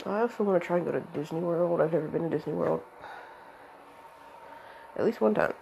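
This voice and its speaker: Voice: medium pitch, fast, creaky, a little mellow, a little hiss or hum, poor audio. A young adult rambling hesitantly in a casual monologue to camera, with a voice cracking from allergies.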